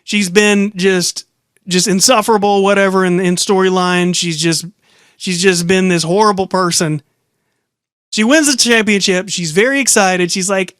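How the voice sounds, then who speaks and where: A man's voice: high-pitched, normal speed, fairly bright tone, dry recording, clean studio sound. A young man casually recapping and giving opinionated commentary, rambling with frequent restarts. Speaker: wrestling show reviewer.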